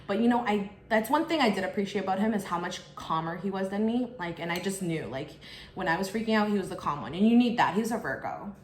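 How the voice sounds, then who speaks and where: A woman telling a personal story while eating, chatty and expressive with lots of fillers. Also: medium pitch, quick pace. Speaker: vlogger. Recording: echoey room.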